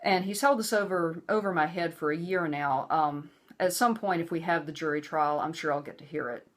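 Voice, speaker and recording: A middle-aged woman vlogger tells a personal story to the camera in a low, slightly quick voice, earnest and emphatic as she lectures with advice. She acts out the voices she quotes, going hushed and soothing or loud and angry.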